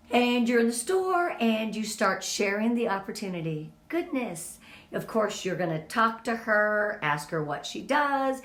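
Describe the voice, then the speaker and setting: A woman's voice: on the high side, fairly bright tone, echoey room, slight background noise. A middle-aged woman leading a casual motivational talk for her team, earnest and openly emotional, speaking straight to the group.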